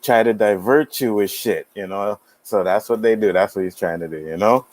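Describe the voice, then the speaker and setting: A man hosting a casual podcast, telling stories in an animated way, swearing freely and acting out the people he quotes. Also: fairly low pitch, moderate pace, rough recording. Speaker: podcast host. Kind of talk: casual storytelling chat.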